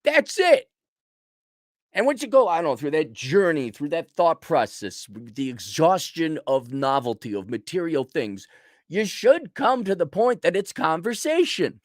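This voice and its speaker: Blunt, ranting man with a lively voice. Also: on the high side, no echo, studio quality. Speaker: host. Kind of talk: casual ranting monologue.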